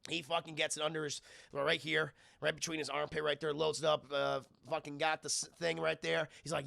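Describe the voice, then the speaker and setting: A man's voice: on the high side, little pitch movement, fairly quick, creaky, few pauses, pushed and bright, no room sound, clean studio sound. A man streaming a casual, profane film recap, rambling and constantly addressing his chat.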